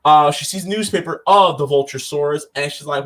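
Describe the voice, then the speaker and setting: A man with a slightly higher voice recaps a show in a loose, chatty way. He keeps stopping to act out characters' lines. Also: a bit bright, slight background noise. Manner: rambling, quick recaps with voiced-out quotes. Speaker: podcast co-host. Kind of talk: casual episode recap.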